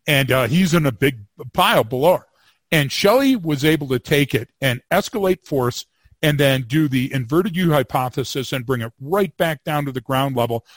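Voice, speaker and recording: A man's voice: mid-range voice, moderate pace, dry recording. Man telling a wry cop story. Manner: animated storyteller, wry humor, repeats words when starting. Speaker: podcast co-host, former police field training officer. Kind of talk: casual storytelling chat.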